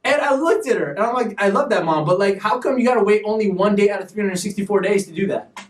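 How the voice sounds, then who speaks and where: A man hosting a live stream show, talking in an animated, preachy way with sudden loud bursts. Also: high voice, fast talker, echoey room, far from the mic. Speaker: show host. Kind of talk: energetic live-stream talk.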